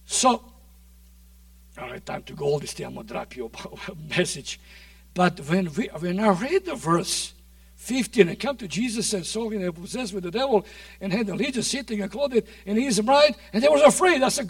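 A man preaching a sermon in a dramatic way, swinging from loud shouts to near-whispers, recorded dry from a distant mic. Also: high-pitched, expressive, normal speed, gravelly, no room sound.

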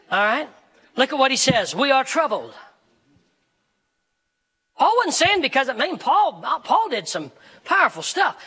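Man preaching, very high voice, bright sharp tone, animated with shouts. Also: poor audio. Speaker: pastor. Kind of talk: sermon. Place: church sanctuary.

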